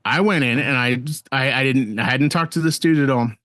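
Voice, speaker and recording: Profane, animated man telling a story. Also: mid-range voice, brisk, no echo. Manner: profane, animated, rambling with restarts. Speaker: guest storyboard artist. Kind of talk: casual storytelling interview.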